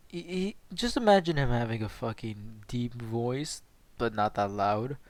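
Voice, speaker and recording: A man spins an improvised fan story in a loose, rambling way, swearing freely and trailing off into asides. His voice sits at an ordinary pitch for a man, and the recording is dry and close with no room echo. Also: animated, unhurried, hardly any pauses. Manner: rambling, profane, offhand. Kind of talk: casual improvised fan-fiction narration.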